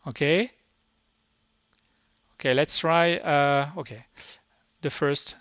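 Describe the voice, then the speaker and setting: A man's voice: a little high, fairly even intonation, a bit bright, smooth, dry recording. French-accented man giving a live demo. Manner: halting, many restarts and fillers. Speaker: conference speaker. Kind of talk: live tech demo talk. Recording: dull lo-fi sound.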